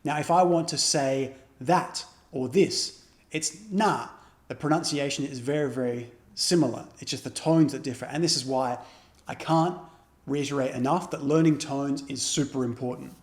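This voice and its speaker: A man teaching a beginner language lesson, explaining patiently and repeating example phrases slowly and carefully. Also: mid-range voice, echoey room.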